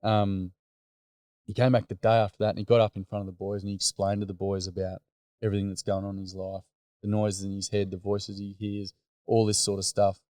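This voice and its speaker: An Australian man talks in candid, blokey casual chat about running workshops. His voice sits a little low, and the sound is dry and close with no room around it. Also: completely flat delivery, brisk, a little mellow, no room sound. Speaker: workshop facilitator.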